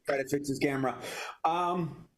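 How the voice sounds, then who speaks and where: A man's voice: a little high, fairly even intonation, normal speed. A man hosting an online improv comedy show, announcing games and scene prompts in a jokey way. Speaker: improv game host.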